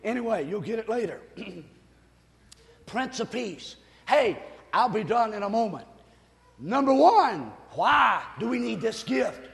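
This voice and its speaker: An older man preaching with an unusually high, gravelly voice. He whoops and shouts with joy, and his sermon rings through a church hall with a long reverb. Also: sing-song, normal speed. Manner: exuberant preaching with whoops, laughs and shouted peaks. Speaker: pastor.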